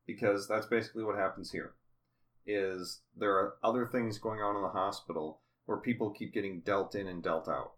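Chatty man recapping a show, bright voice. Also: lowish voice, fairly even intonation, normal speed. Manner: chatty, acts out scenes in put-on voices. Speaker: podcast co-host. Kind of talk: casual chat recapping a TV episode.

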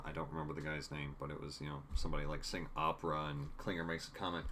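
A man with a very deep, low voice co-hosts a relaxed chat. He rambles conversationally and fills gaps with ums while reading through his notes. There is a faint hiss behind him. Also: fast talker, few pauses. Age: adult parent. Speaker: podcast co-host. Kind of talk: casual chat reviewing a TV episode.

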